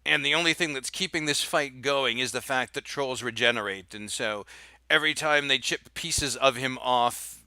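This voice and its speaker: A man's voice: mid-range voice, moderate pace, bright, forceful tone, clear, resonant tone, dry recording. A young man narrating as game master, describing the action in a storytelling way with frequent fillers.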